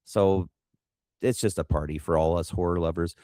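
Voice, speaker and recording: A man co-hosting a podcast, rambling through a movie recap and acting out quotes in quick funny voices. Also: low-pitched, mellow, no echo, studio quality. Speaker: podcast co-host. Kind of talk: casual movie recap chat.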